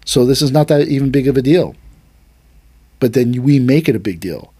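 A husky, medium-pitched male voice at normal speed belongs to an aikido instructor who hosts a martial arts podcast. During a casual chat he tells a story, animatedly playing out the voices in it, in a dry, studio-quality recording.

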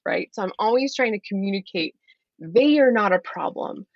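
A woman's voice: medium pitch, animated, normal speed, darkish tone, dry recording, dull audio. A woman life coach talking earnestly as a podcast guest, explaining her methods and acting out what she says to her kids. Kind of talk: podcast interview.

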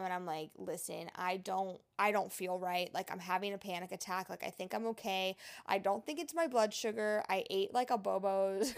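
Chatty young woman with a gravelly edge. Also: mid-range voice. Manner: chatty, lots of fillers, retells in quoted dialogue. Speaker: travel nurse vlogger. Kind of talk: casual storytelling vlog.

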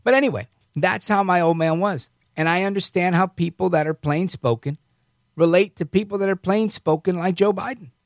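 A man's voice: sits high, normal speed, no room sound, clean studio sound. A man hosting a political commentary monologue, sarcastic and mocking in a conversational way. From New York. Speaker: host.

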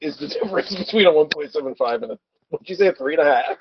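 A podcast co-host with a fairly high voice talks fast, with big pitch swings and vocal fry, as he casually reviews a film with a sardonic edge. He swears freely and laughs often. The audio has its highs cut off, and crowd noise is audible.

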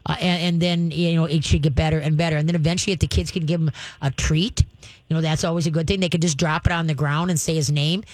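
A woman's voice: low voice, fairly even intonation, fast talker, a little mellow, no room sound. A woman hosting a call-in pet advice radio show, chatty and folksy, coaching callers on dog behavior. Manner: chatty, folksy, acts out coaxing voices to the dog.

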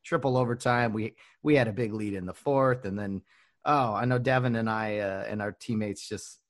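A man interviewing his former coach in a casual chat. He laughs easily and reminisces in a friendly, relaxed way. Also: lowish voice, moderate pace. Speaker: interviewer, former player and official.

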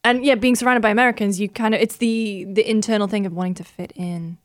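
A woman from the north of England with a softened northern English accent, chatting casually as a podcast co-host. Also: mid-range voice, fairly even intonation, fast, dry recording, studio quality. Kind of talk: casual chat.

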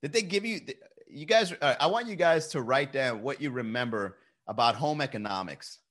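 Young man, casual streamer; animated pitch, bright tone, profane and jokey. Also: brisk. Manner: loose, profane storytelling with frequent laughs. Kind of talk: casual live-stream chat.

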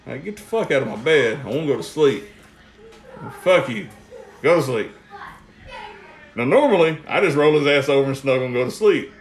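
A man's voice: medium pitch, animated, normal speed, long pauses, a little hiss or hum. A man telling rambling, profane stories with lots of laughter on a casual podcast. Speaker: guest storyteller. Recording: roomy echo.

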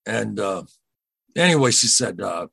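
A man talking as a podcast guest, telling a personal story in an earnest, halting way and often retelling what people said. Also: fairly low pitch, very animated, creaky, a bit bright, husky, dry recording. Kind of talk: casual first-person storytelling.

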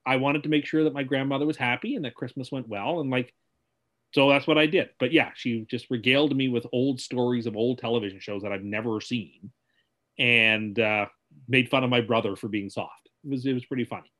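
A man co-hosting a comedy podcast, talking deadpan and slipping into deliberately poor celebrity impressions. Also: mid-range voice. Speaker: podcast co-host. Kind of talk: comedic banter.

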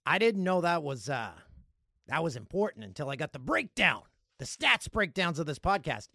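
A Canadian man hosting a casual solo podcast, jokey and animated, with loud playful outbursts. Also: a little high, moderate pace, vocal fry, no echo, clean studio sound. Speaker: podcast host.

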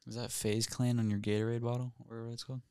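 Fast-talking man, dry close sound. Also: medium pitch, little pitch movement, dark tone, smooth, dry recording. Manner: quick joking interjections. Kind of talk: casual podcast chat.

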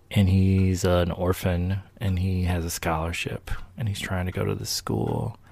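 A man's voice: sits low, vocal fry, a little mellow, no room sound. A man hosting his own podcast, rambling in a laid-back way, correcting himself and adding wry asides. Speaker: podcast host. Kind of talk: casual monologue to listeners.

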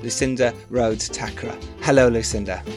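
A man's voice: medium pitch, steady tone, darkish tone, faint music behind. A man hosting a film podcast, chatty and teasing, laughing often. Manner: jokey, teasing, quick laughs. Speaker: podcast host. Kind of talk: casual podcast chat.

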